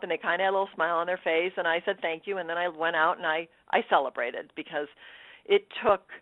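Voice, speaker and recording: Animated woman on a phone line. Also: mid-range voice, no room sound. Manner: animated, laughing, acts out her own inner voices. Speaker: guest. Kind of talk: radio interview storytelling. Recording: dry tinny phone line.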